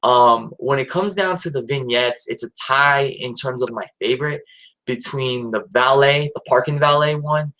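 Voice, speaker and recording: A man's voice: mid-range voice, normal speed, bright, forceful tone, low-quality recording. A man hosting his own live stream, talking casually and hesitantly with lots of fillers and restarts. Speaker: channel host.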